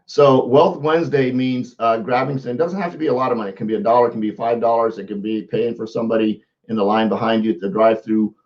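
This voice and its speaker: A man's voice: mid-range voice, quick pace, few pauses, highs cut off. A man coaching viewers in a casual live social media talk, often repeating words and restarting his sentences. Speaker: motivational coach.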